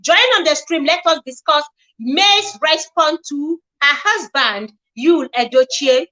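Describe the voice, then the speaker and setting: A woman hosts a casual livestream, talking in a high, lively register. Her tone is bright and forceful as she reads posts aloud and comments on them. She keeps greeting her viewers by name. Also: slow, rough recording. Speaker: livestream host.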